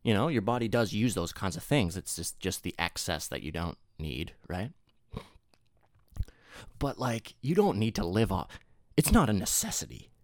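A young man riffs in a loose, profanity-laced rant, his pitch bouncing up and down as he gets worked up. He stumbles over restarts and laughs at his own jokes. The sound is dry and close, with no room behind him. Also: sing-song, a little slow, dry recording. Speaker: solo talker addressing viewers. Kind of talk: casual rant.

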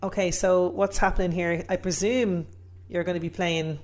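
A woman's voice: lowish voice, steady tone, moderate pace, a little mellow. A woman co-hosting a comedy podcast, laughing and self-deprecating. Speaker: podcast co-host. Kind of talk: casual comic banter.

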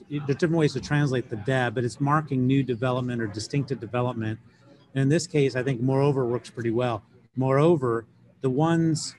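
Man teaching Greek grammar in class. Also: mid-range voice. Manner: relaxed, explanatory, many fillers and restarts.

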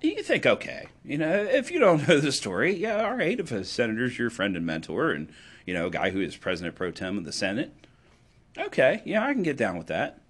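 A man delivering an impassioned political monologue, emphatic and sarcastic, swinging between loud declarations and low asides. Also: wildly swooping pitch, a little fast, breathy edge. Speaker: political commentator.

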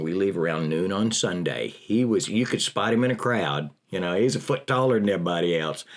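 An older man, a prison ministry volunteer, tells personal stories in an interview in a folksy, animated way. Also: sits low.

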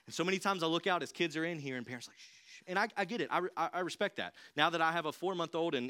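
Young male pastor, casual but emphatic sermon delivery, slightly high-pitched. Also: bright, forceful tone. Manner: conversational preaching, emphatic and direct.

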